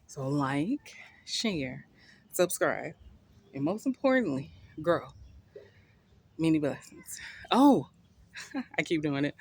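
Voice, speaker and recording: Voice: medium pitch, a little hiss or hum. Brief: friendly backyard gardening vlogger, a little winded, outdoors on a phone, laughs a lot. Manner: chatty, laughs often, thinks aloud. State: a bit winded. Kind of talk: casual vlog walk-through.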